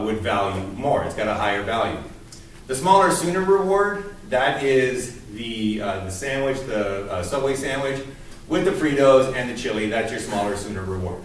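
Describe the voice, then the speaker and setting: A man talks through a college psychology lecture in a loose, chatty way, full of fillers. The sound is very roomy and echoing, with the voice set back from the mic and a faint hiss behind it. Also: medium pitch. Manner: casual, many fillers, recounts scenes with quoted lines. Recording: roomy echo, voice from a distance, faint noise.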